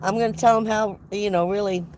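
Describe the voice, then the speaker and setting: A woman's voice: mid-range voice, steady tone, brisk, darkish tone. An older woman hosts a loose, chatty livestream from inside her van, her voice thick with congestion from a head cold. She rambles, laughs often, and greets viewers one by one. A faint hum of background noise sits under her voice. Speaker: van life vlogger hosting a livestream. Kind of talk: casual livestream chat.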